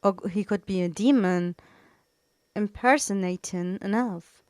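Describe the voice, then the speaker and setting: A woman's voice: mid-range voice, measured pace, a little mellow, no echo, studio quality, natural voice. A woman doing a haughty robed death mage. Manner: sniffy, haughty.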